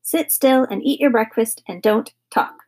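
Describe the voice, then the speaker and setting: A woman's voice: on the high side, measured pace, breathy edge. A woman voicing a grumpy, fierce father who is fed up with his son in a storybook reading. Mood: stern. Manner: stern, exasperated, shouting.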